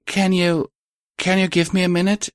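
A man voicing a young, grieving female unicorn mare who speaks in a halting, subdued way. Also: sits high, flat delivery, reverberant, in a large hall, voice pushed up, natural voice. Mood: sad, subdued.

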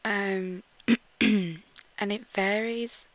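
A woman from Yorkshire with a posh English accent, chatting in a casual audio post and reading out word lists, often dropping to a soft whisper and giggling between words. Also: mid-range voice, steady tone, drawn-out words, poor audio. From Yorkshire, England. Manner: giggly, with frequent ums.

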